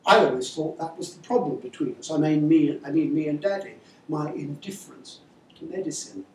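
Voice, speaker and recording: A woman's voice: low-pitched, fairly quick, darkish tone, a little hiss or hum, close to an everyday voice. A man reading aloud, voicing a guarded, theatrical young woman who speaks in a dramatic, confiding way. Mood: brooding. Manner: dramatic, self-pitying, confiding. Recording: echoey room, far-off mic, faint ambience.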